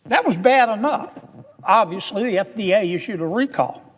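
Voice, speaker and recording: A man's voice: sits high, animated, moderate pace. A man, a politician, giving a formal floor speech with dramatic, folksy warnings. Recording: long reverb of a large chamber.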